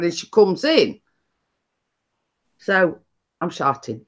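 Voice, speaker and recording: A woman's voice: fairly low pitch, expressive, measured pace, long pauses, a bit bright. A woman hosting a chatty live stream, telling stories in a rambling way with many restarts.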